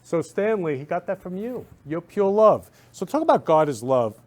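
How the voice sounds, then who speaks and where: A man's voice: sits high, big pitch swings, normal speed. A man hosting a talk show in a studio, effusive and repetitive, constantly telling guests he loves them.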